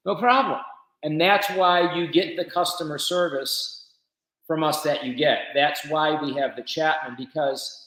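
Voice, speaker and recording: A man's voice: a little high, steady tone, measured pace, fairly bright tone, reverberant, rough recording. A man, a business founder, tells his story casually in an interview and acts out the conversations he quotes.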